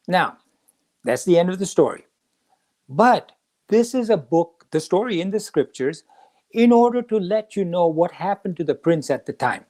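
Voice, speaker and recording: Animated man telling a scripture story. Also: high voice, moderate pace. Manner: animated storyteller acting out quoted lines. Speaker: podcast host teaching the Gita.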